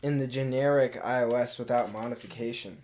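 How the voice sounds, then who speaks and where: A man's voice: medium pitch, fairly even intonation, brisk, a little mellow. A man co-hosting a casual tech podcast, rambling and thinking aloud with lots of "like"s. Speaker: podcast co-host.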